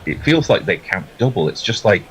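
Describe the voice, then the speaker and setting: A man giving relaxed ball-by-ball cricket commentary, chatty and laughing between deliveries. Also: on the low side, brisk, breathy edge, poor audio.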